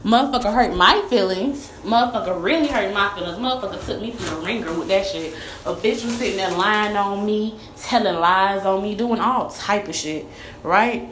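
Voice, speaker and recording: A woman's voice: mid-range voice, moderate pace, fairly bright tone. A young woman speaks straight into the camera in a candid vlog, blunt and heavily profane, hammering each point with repetition. Her voice sits in a middle register and bounces around a roomy, echoey space with a faint hum behind it. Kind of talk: candid motivational vlog monologue. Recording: echoey room with faint ambience.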